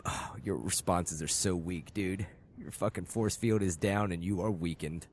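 A man's voice: low-pitched, moderate pace, slight background noise. A man co-hosting a podcast, teasing his co-host in profane casual chat and laughing often.

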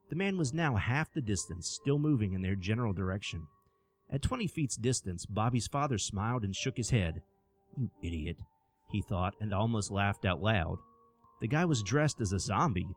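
Expressive low-voiced male storyteller. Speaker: narrator. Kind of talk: scripted horror story narration.

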